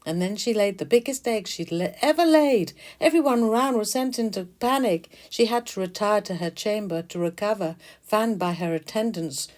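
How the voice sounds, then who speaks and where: A woman, the author, narrating a children's storybook in a gentle, expressive way. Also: mid-range voice.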